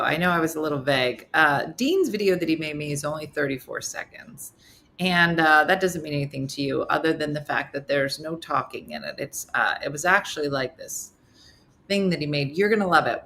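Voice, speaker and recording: A woman's voice: low voice, a little hiss or hum. A middle-aged woman hosting a casual live morning show, chatting with viewers and acting out the people in her stories. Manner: animated storyteller, acts out quotes. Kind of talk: casual chat reading viewer comments.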